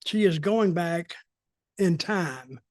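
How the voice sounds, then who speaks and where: An American man hosts a podcast, sharing folksy, opinionated views in a rambling, storytelling way. His voice is high for a man, and the recording is dry and close. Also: expressive, slow, no echo. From United States. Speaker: podcast host, wrestling veteran. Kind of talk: casual podcast chat.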